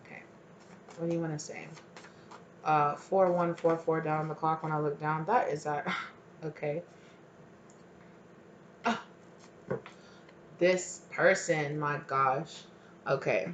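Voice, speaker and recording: A woman's voice: low-pitched, steady tone, measured pace, pauses often, slight background noise. A woman giving a tarot reading, rambling with many fillers and voicing an imagined partner's pleas with feeling. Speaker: tarot reader.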